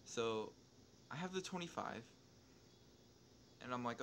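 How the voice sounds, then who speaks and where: A young man telling a story casually, swearing constantly, rambling with restarts and excited jumps in volume. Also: medium pitch, a little hiss or hum. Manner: profane, rambling, restarts and asides; excitable, quick swings in loudness. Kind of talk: casual storytelling over gameplay.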